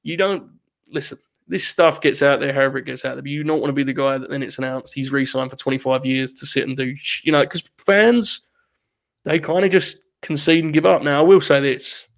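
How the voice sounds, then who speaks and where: A man from England co-hosting a podcast, chatting casually in animated, profane, joking rants. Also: medium pitch, a little fast. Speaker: podcast co-host. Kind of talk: casual chat.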